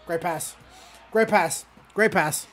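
A high-pitched man reacts to a basketball game as it happens. He calls out to players by name, cheers big plays and grumbles about poor defense, often with profanity. His voice is light and sits high for a man. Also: takes it slowly. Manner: loud, excitable, shouting at players, profane. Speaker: sports reaction host. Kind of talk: live game reaction commentary.

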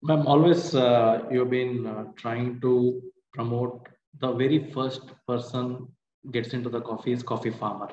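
An interviewer asking a halting question with fillers. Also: medium pitch, fairly even intonation, darkish tone, slight background noise. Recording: roomy, dull sound.

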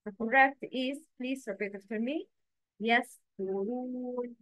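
A woman teaching letter pronunciation in a slow, patient lesson, repeating each word for the learner to echo. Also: on the high side, animated, a bit bright.

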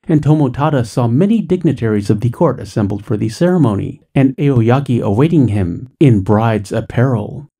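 Mellow-toned male story narrator. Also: lowish voice, husky. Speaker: story reader.

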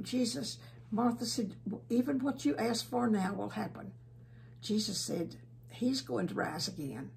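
Gravelly-voiced woman telling a Bible story. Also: medium pitch, a little hiss or hum. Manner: gentle storytelling, often dropping to a soft hush. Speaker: Sunday school teacher.

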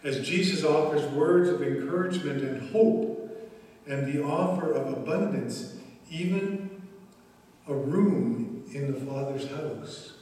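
A male pastor delivers a sermon at an unhurried, measured pace, leaning on pauses for emphasis. His somewhat high voice rings through a big, echoey church hall with a long reverb tail. He sounds set back from the mic. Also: a little mellow, recorded from a distance. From Canada. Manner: slow, deliberate preaching with emphatic pauses. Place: church sanctuary.

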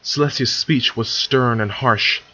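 A man reading a fan story aloud as narrator, in a plain, even way. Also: mid-range voice, measured pace, slight background noise. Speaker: story reader. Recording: dull lo-fi recording.

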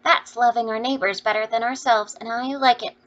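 A woman's voice: a little high, steady tone, fairly quick, fairly bright tone, pitched above the performer's own voice, natural voice. A woman reading the lines of a sensible, kindly eldest sister who speaks in a soothing, reassuring way. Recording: dull lo-fi recording.

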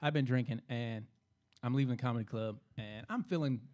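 A man's voice: medium pitch, brisk, darkish tone. A young adult man co-hosting a podcast, telling a story in loose, profane casual chat and laughing through it. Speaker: podcast co-host.

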